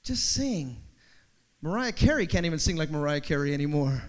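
A man's voice: fairly high pitch, sing-song, moderate pace. A male pastor preaching a sermon in a rising, repeating preacher cadence, with humorous asides and family stories.

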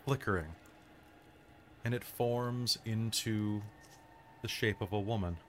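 Calm male dungeon master. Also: lowish voice, a little hiss or hum. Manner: calm, measured description. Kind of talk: narrating a tabletop game.

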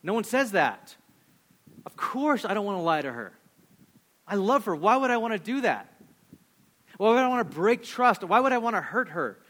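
High-voiced animated male preacher. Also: moderate pace, long pauses. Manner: animated, swinging from loud to hushed. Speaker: pastor. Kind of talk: sermon.

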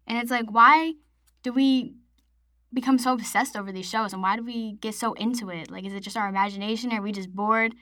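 A woman's voice: on the high side, fairly even intonation, a little fast, sharp tone, no room sound, studio quality. A young woman from Massachusetts hosting her own podcast, chatting casually and rambling with lots of "like". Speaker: podcast host. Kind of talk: casual solo podcast chat.

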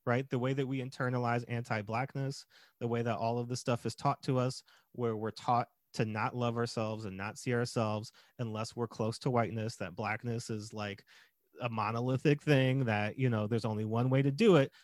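A man's voice: mid-range voice, normal speed, no room sound, clean studio sound. A man co-hosting a podcast, retelling and critiquing a movie in casual chat with frequent laughter. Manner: animated, acts out scenes, laughs often. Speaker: podcast co-host.

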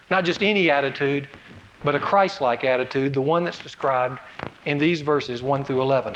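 A male pastor preaching a sermon in a conversational way, asking rhetorical questions and swinging between raised and lowered emphasis. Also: fairly bright tone, muffled recording, a little hiss or hum.

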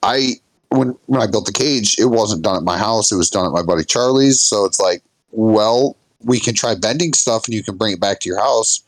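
A man's voice: lowish voice, moderate pace, no echo, rough recording. A man on a podcast, matter-of-fact, telling stories and bluntly correcting the others in casual chat. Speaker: podcast co-host.

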